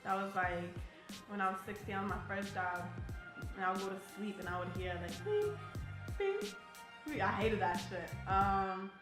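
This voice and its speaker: A woman's voice: medium pitch, flat delivery, moderate pace. Blunt, profane young woman. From New Jersey. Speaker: interviewee, army soldier. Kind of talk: casual personal storytelling. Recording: roomy echo, faint music.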